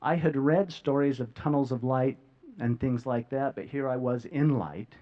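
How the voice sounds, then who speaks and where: A man giving an emotional talk to a live audience, earnest and heartfelt, often halting with repeated words and long pauses. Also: mid-range voice, dull audio. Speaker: speaker sharing a near-death experience. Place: stage before a live audience.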